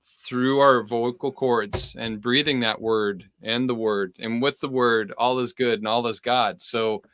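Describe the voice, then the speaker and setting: A man's voice: medium pitch, fairly even intonation, measured pace, fairly bright tone, no echo. A man co-hosting a casual spiritual podcast, talking in a flowing, enthusiastic and slightly preachy way.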